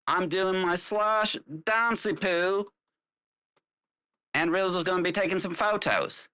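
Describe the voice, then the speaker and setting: A man's voice: sits high, slow, bright, forceful tone, clear, resonant tone, full character voice. A man putting on a jolly fake Australian. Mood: hammy cheerful. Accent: put-on Australian. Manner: hammy, playful.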